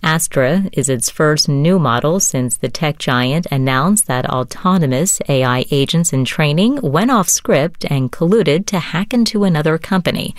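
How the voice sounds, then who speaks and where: Low-voiced woman reading radio news. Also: dry recording, clean studio sound. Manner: measured, even newsreader delivery. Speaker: newscaster.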